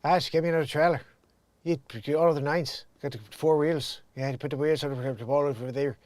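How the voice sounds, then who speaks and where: A man's voice: on the high side, steady tone, a little fast, darkish tone, no echo, lightly acted. A man doing an impression of a mumbling Irish traveler from a crime film, in a slurred mock Irish brogue.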